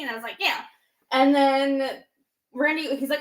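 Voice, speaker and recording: A woman's voice: sits high, moderate pace, roomy sound. A woman in her thirties co-hosting a podcast, talking in a rambling, casual way full of fillers and playfully acting out quoted lines. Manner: chatty, rambling, lots of "like" and "um". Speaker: podcast co-host. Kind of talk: casual chat.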